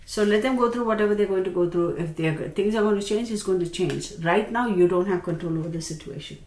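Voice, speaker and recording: A woman giving a casual tarot reading, chatty and expressive, talking straight to the viewer. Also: medium pitch, fast talker. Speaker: tarot reader. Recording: roomy with faint background noise.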